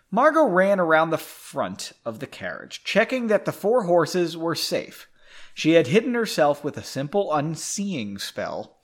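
A man's voice: on the high side, wildly swooping pitch, measured pace. Chatty man reading a story aloud. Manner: chatty, self-mocking, stumbles and rereads. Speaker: amateur story reader. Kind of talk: casual read-aloud with asides. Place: home.

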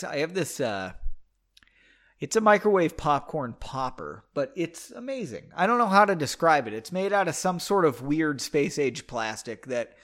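A man's voice: fairly high pitch, fairly bright tone. Rambling self-mocking podcast guy. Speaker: podcast host reading his own book. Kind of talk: casual podcast commentary.

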